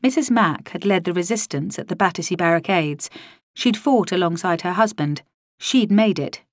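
A woman's voice: lowish voice, lively intonation, moderate pace, dry recording, studio quality. A woman narrating a first-person audiobook in a wry, dryly comic manner.

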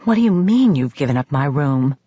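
A stubborn, prim young woman with clipped, indignant replies, as a woman reader plays her, husky and low. The sound is close and dry with dull highs. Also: steady tone, a little slow, mellow, no room sound, exaggerated voice. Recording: slightly muffled audio.

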